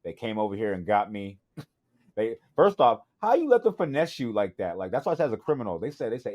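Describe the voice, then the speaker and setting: A male podcast co-host rants in loose, slang-heavy chat, his pitch bouncing up and down as he tells stories. He breaks into laughter often and talks in rambling bursts. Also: very animated, fast.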